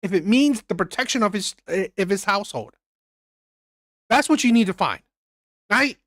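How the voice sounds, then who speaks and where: A man's voice: high-pitched, lively intonation, normal speed, fairly bright tone, no room sound, clean studio sound. A man hosting a reaction channel, giving blunt, emphatic commentary and repeating his points with some swearing.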